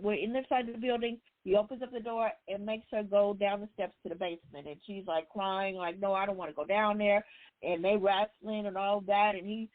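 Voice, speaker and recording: A woman hosting a book discussion, casually retelling a story in with loose, conversational phrasing. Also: medium pitch. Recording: tinny phone line.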